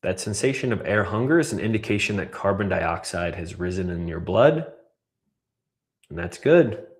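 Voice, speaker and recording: Calm man coaching a breathing class. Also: low voice, moderate pace. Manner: calm, counts down and cues breaths.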